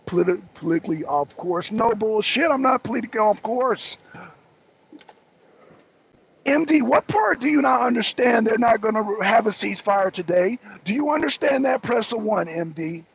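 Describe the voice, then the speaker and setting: A man hosting a political talk show, excitable and argumentative, pressing his co-host with repeated questions. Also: high-pitched, normal speed, creaky, a little hiss or hum. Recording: dull lo-fi recording.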